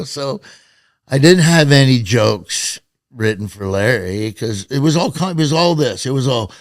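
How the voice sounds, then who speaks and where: Middle-aged male comedian, gravelly voice, dry close mic, lively storyteller who acts out the voices. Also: medium pitch, measured pace, no echo. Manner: animated, acts out quoted voices and laughs at his own stories. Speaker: podcast guest, comedian. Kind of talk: casual storytelling chat.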